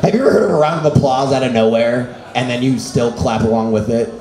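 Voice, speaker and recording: A man's voice: mid-range voice, fast, crowd noise. A man doing a stand-up comedy set at an open mic, rambling and filler-heavy. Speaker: stand-up comic. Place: small comedy venue with an audience. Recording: echoey room with audience noise.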